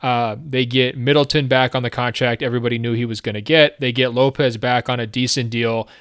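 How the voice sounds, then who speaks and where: A man's voice: mid-range voice, steady tone, a little fast, fairly bright tone, clear, resonant tone, no room sound. Brief: male co-host, resonant voice, dry studio sound, dry teasing delivery. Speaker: podcast co-host. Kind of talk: casual sports chat.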